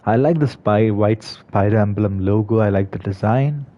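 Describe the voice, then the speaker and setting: In a slightly dull lo-fi recording, a gaming video creator talks through a game in a casual, hesitant way, with lots of fillers and restarts. He has a lowish voice and a moderate pace.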